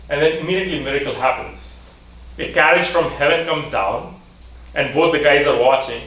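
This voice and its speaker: A man giving a conference vote of thanks, telling a story plainly with fillers and restarts. His voice sits a little high, and the sound comes from far from the mic in a large, very echoey hall. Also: moderate pace, a bit bright. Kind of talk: storytelling speech.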